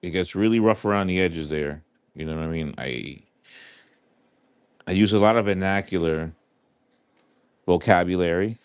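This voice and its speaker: A low-voiced man with a New York accent chats casually with viewers on a livestream, answering their questions out loud as he goes. He speaks at a normal speed but pauses often, his talk loose and rambling, and the audio is clean with no room sound.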